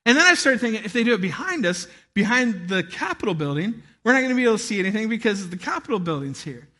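A man in his thirties preaching a sermon, telling a lively story with acted-out shouts and laughter. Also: sits high, fast. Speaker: pastor.

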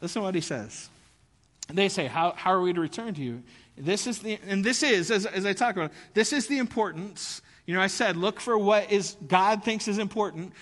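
Animated, bright-voiced male preacher. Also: sits high, in a large hall. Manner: animated, conversational preaching with rising emphasis. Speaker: pastor. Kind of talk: sermon.

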